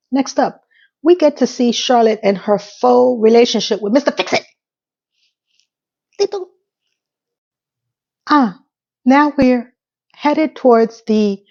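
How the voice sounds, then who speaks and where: A woman's voice: fairly high pitch, darkish tone, highs cut off. A woman recapping a TV episode in casual, sarcastic commentary with frank asides.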